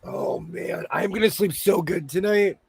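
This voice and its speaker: A man with a Minnesotan accent hosting a sewing livestream, chatting playfully and breaking into loud laughing exclamations. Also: high-pitched, unhurried, a little hiss or hum. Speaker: sewing channel host. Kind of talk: casual livestream chat.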